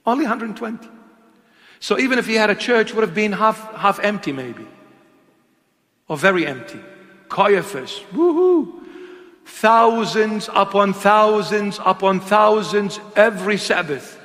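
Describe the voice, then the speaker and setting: A man preaching an impassioned sermon, swinging between loud emphatic calls and hushed, intimate asides. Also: high voice, moderate pace, long pauses, in a large hall.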